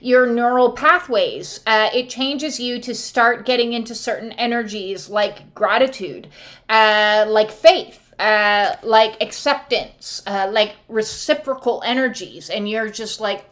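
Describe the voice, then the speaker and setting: A fairly high-voiced woman talks loosely to her online followers about spiritual matters. She wanders from thought to thought, full of "uh" and "you know". Now and then she jumps up into a squealing voice to act out what people say. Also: slow, fairly bright tone. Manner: rambling, many fillers, acts out quoted voices in a high squeal. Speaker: oracle card reader. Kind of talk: casual spiritual talk to camera.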